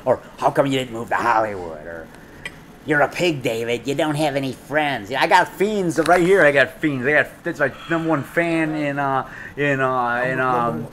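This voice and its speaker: An excitable man chatting over a meal, talking at a medium pitch. He rambles, repeats himself and drifts from one topic to the next. Faint restaurant noise sits behind his voice. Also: normal speed. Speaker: low-budget horror filmmaker. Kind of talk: rambling casual chat.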